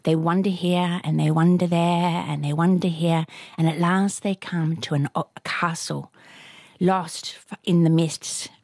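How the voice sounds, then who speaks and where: A woman retelling a folktale aloud in a lively, rhythmic way, with a husky voice. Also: on the low side, a little slow, dry recording. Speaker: storyteller. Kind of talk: oral folktale telling.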